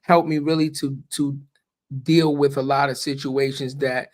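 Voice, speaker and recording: A man's voice: mid-range voice, flat delivery, a little slow. A man hosting a podcast, talking frankly and casually, swearing freely.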